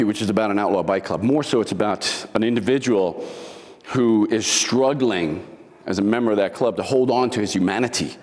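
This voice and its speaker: Male motivational speaker, middle-aged, mid pitch, lively storyteller who acts out quotes; reverberant hall. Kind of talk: motivational talk to a live audience.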